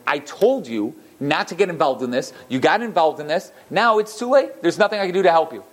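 A man's voice: fairly high pitch, animated, fairly quick, voice pushed up. A man voicing a stern, wise rabbi in a told story, firm and admonishing. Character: stern wise old male rebbe, calm authority.

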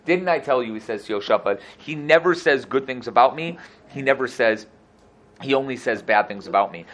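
A man's voice: mid-range voice, a bit bright. A man teaching a Bible chapter verse by verse, mixing Hebrew terms into casual English and acting out the quotes. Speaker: Torah teacher. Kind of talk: explaining a Bible text verse by verse.

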